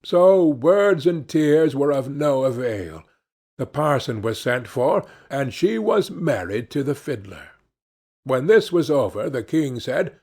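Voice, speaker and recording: Slow, gravelly male storyteller. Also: medium pitch, expressive, darkish tone. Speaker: audiobook narrator. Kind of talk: scripted narration.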